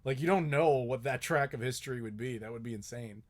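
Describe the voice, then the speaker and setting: A man's voice: medium pitch, a little fast. Blunt, profane man answering questions live. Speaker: host. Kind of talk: live Q&A, casual chat.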